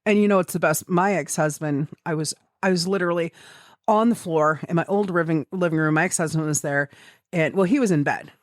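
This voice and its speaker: A Midwestern woman with a lowish voice talks fairly quickly in a dry, clean studio recording. Co-hosting a podcast, she tells gaming stories in casual chat, swearing freely and animatedly acting out her own thoughts as quoted asides.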